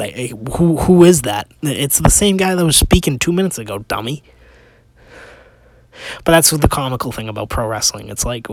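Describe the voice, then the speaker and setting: A man's voice: mid-range voice, dry recording. A man hosting a casual opinion podcast, rambling with restarts and rhetorical questions, sounding exasperated. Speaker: podcast host.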